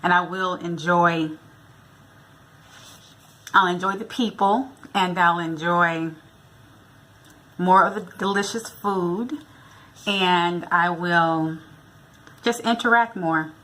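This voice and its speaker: A middle-aged American woman tells a comic story in her vlog, chattily acting out what each person said. Her fairly low voice is bright and forceful, and she speaks slowly with long pauses.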